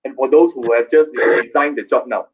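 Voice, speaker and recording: A man hosting a live stream, coaxing viewers in a repetitive, playfully scolding sales-pitch manner. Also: a little fast, highs cut off.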